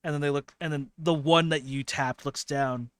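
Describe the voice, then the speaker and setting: A man's voice: fairly high pitch, steady tone, normal speed, smooth, dry recording. Game master man narrating a scene. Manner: descriptive, many fillers and restarts. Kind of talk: narrating a tabletop role-playing game.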